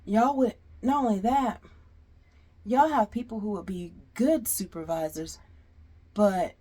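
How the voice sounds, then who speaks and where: Husky, slow-talking exasperated woman. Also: medium pitch, dark tone. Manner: sighing, exasperated, talks straight to viewers. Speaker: storyteller vlogger. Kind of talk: casual storytime venting.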